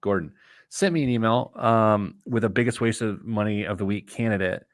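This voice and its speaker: A man's voice: fairly low pitch, moderate pace, dry recording, clean studio sound. A middle-aged man co-hosting a podcast, chatting in a jokey, self-mocking way and often breaking into laughter. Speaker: podcast co-host. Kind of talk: casual chat and read-out segment.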